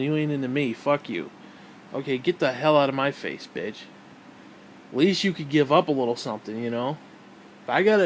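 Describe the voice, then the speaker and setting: A man's voice: mid-range voice, slight background noise. A man, hosting his own show in a crude, bitter, rambling rant full of restarts. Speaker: vlog host. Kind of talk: profane rant.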